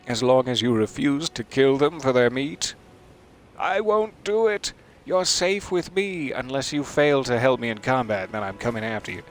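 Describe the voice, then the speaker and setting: Wry, unhurried man playing a video game. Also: medium pitch. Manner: wry, joking asides to viewers. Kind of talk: casual let's-play commentary.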